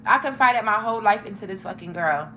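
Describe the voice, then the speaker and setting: A young woman telling a story to her viewers, animated and profane, talking straight to the camera in a casual storytime. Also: medium pitch, brisk, a little hiss or hum.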